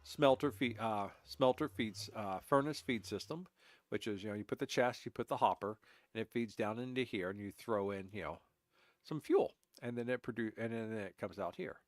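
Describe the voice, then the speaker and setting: A man's voice: on the low side, normal speed, no echo, clean studio sound. A man streaming a game, congested and stuffy-voiced from allergies, giving a rambling, self-correcting walkthrough of his builds. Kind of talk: casual gameplay commentary.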